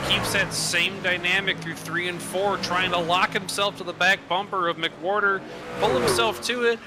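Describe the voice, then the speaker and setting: A man giving steady, analytical co-commentary on an online truck race. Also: sits high, noisy background. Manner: steady, analytical calling of positions and points. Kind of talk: sim racing color commentary.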